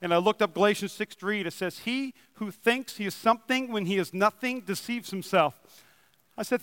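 A pastor with a high, bright voice preaches a sermon in a large hall of a church building, wearing a microphone. He's excitable, rising to loud, emphatic bursts before easing back into chatty storytelling, at normal speed with a clear, resonant tone and no room sound.

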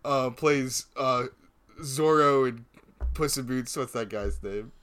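A man co-hosting a comedy podcast in a relaxed chat. He riffs playfully, teases his partner and plays along with the jokes. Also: medium pitch, slow pace, smooth, dry recording. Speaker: podcast co-host.

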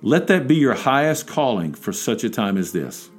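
A man's voice: mid-range voice, big pitch swings, moderate pace, soft background music. A man preaching a devotional podcast sermon, exhorting and emphatic, building to urgent peaks.

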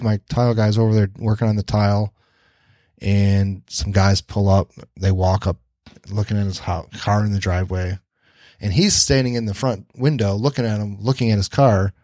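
This Detroit-area man hosts a podcast, casually recounting a story while swearing liberally and acting out what each person said. The recording has no room sound, and his voice is lowish and a bit mellow.

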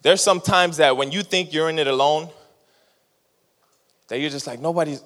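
A man preaching a sermon as a lively story, laughing often and acting out what people said. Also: fairly high pitch, moderate pace. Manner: animated, laughing storyteller who acts out quotes. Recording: long hall reverb.

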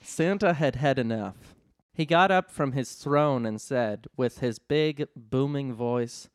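A man reading an absurd comedy story aloud in a deadpan way, often cracking up. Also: medium pitch, unhurried, no room sound, clean studio sound. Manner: deadpan narration, often breaking into laughter. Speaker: storyteller host.

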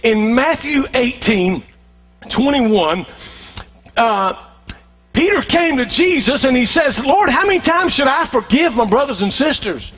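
A pastor preaching in a church, his voice pitched very high for a man and husky around the edges. He draws call-and-response from the congregation and climbs into shouting at the peaks. The sermon recording sounds dull and lo-fi. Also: big pitch swings, a little slow. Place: church sanctuary.

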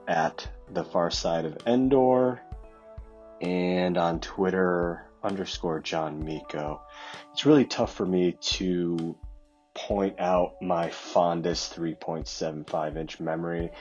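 A man's voice: sits low, a little mellow, highs cut off. A man recording a heartfelt message for a fan community, speaking thoughtfully. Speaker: community guest.

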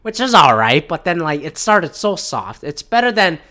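A man's voice: on the high side, sing-song, normal speed, sharp tone. Brief: male podcast host from Michigan, sweary, rambling, sarcastic political rant. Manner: profane, rambling, sarcastic, mocking voices of others.

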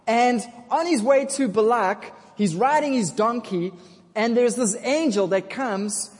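High-voiced preacher in a reverberant church. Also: male voice, unhurried. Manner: casual, jokey storytelling, asks congregation for responses. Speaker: pastor. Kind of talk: sermon. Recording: long church hall reverb.

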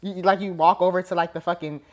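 A woman's voice: on the low side, fast. A woman co-hosting a podcast in casual chat, telling stories expressively and acting out what she would say. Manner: expressive storyteller, acts out quotes, swears. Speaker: podcast co-host.

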